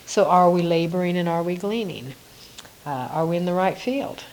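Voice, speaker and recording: A woman giving a reflective devotional Bible teaching, musing aloud with soft laughs. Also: on the low side, moderate pace, a little hiss or hum, low-quality recording.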